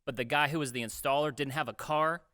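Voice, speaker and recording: Young male podcast co-host, animated storyteller, bright clear voice, dry. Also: a little high, fast talker, dry recording. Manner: animated, acts out quotes, swears freely. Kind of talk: casual storytelling.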